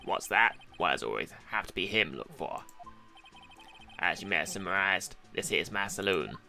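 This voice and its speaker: A man's voice: sits low, expressive, normal speed, creaky, bright, forceful tone, soft background music, voice pushed down, full character voice. A man putting on a drawling cowboy guard. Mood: swaggering. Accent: put-on Western drawl. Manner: drawling, folksy. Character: swaggering cowboy security guard, male, gruff.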